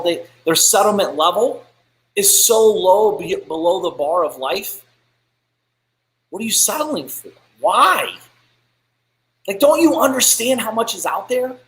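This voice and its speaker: A man's voice: high voice, lively intonation, measured pace, long pauses, fairly bright tone. A man hosting a live business show, giving a blunt, profane, fired-up motivational rant. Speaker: business podcast host. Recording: echoey room.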